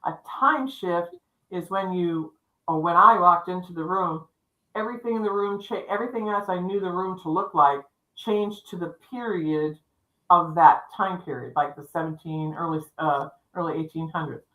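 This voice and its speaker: Chatty woman with a bright voice in an echoey room. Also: on the low side, normal speed. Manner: chatty, lively, acts out dialogue. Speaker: psychic co-host. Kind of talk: storytelling in casual chat. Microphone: livestream setup.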